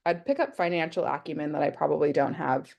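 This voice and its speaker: Australian woman with a dark, gravelly voice. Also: deep voice, sing-song, fast. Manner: chatty, thinking aloud with many fillers. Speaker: workshop presenter. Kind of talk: casual online workshop talk. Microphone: video call.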